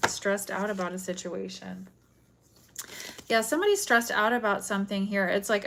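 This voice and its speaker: A woman's voice: medium pitch, steady tone, normal speed, creaky. A woman giving a chatty, rambling live tarot reading, often breaking into giggles, recorded at home. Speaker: tarot reader. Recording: noisy home stream with card shuffling.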